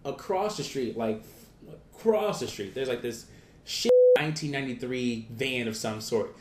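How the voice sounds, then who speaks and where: A young man telling a story in casual chat, rambling with lots of restarts and filler. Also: lively intonation. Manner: rambling, quick, many restarts and "like"s. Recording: echoey room with faint rumble.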